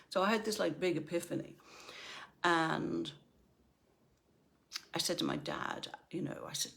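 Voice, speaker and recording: A woman's voice: lowish voice, measured pace, creaky, pauses often, a bit bright. A middle-aged woman from Northern Ireland, a life coach giving a chatty motivational talk and often checking in with "right?".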